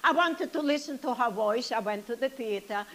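With a slightly high voice, animated and at a moderate pace, a woman performs a comic monologue as a chatty, wry elderly Yiddish-speaking grandmother. She tells stories full of dry self-pity and sing-song asides.

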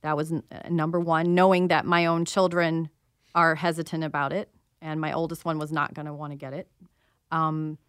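Low-voiced woman telling her story. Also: flat delivery, normal speed, clean tone, no room sound, clean studio sound. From Pennsylvania. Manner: earnest, uses many fillers. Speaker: guest. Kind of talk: casual radio talk.

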